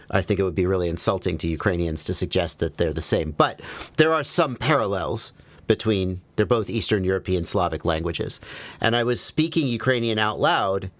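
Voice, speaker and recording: A man hosting a livestream, chatting casually and telling stories, his pitch leaping up when he acts out a thought. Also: no echo. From American South. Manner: animated storyteller, jumps high on quoted asides. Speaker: livestream host.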